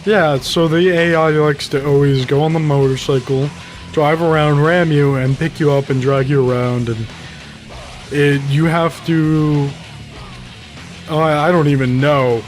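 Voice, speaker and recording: A man's voice: a little high, fairly even intonation, measured pace, faint music behind. A man co-hosting a podcast in casual chat, offhand and wry. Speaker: podcast co-host.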